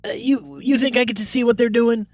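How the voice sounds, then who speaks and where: Nervous male gang flunky, played by a man, stammering and defensive, a notch high. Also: a little fast, a little mellow, no echo, soft background music. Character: nervous male street-level gang underling.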